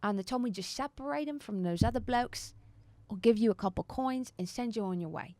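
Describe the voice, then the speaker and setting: A woman's voice: mid-range voice, moderate pace, no echo, pitched above the performer's own voice, natural voice. Shifty male satyr, as a female game master puts him on, rambling excuses in a dry, close voice. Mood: pleading. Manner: slangy, pleading, rambling excuses. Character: nervous shifty male satyr hired hand. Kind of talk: tabletop role-play.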